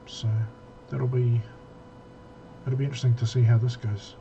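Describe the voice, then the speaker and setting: A man's voice: medium pitch, little pitch movement, normal speed, creaky, highs cut off, noisy background. A man co-hosting a casual tech podcast, rambling with many restarts and fillers. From New Zealand. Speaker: podcast co-host.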